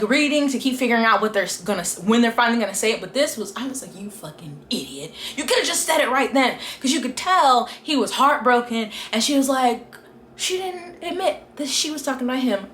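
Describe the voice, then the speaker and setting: A woman's voice: fairly high pitch, a bit bright, reverberant, slight background noise. A woman giving an exasperated, casual book review rant and acting out the characters' lines along the way.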